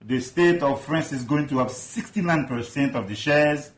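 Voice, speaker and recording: A man's voice: on the high side, moderate pace, roomy sound. A man from Ivory Coast, a guest expert in an interview, talking passionately with emphatic rhetorical questions. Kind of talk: animated interview talk.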